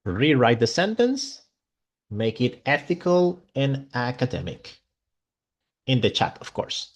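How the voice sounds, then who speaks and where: A male English teacher, a native Spanish speaker, giving an online class in an enthusiastic, expressive way. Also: medium pitch, slow.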